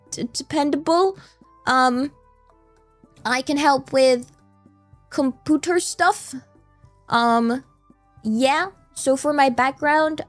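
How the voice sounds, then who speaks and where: A woman's voice: fairly high pitch, gravelly. A young British woman streaming, chatting in a playful, rambling way. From Britain. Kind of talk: casual live-stream chat.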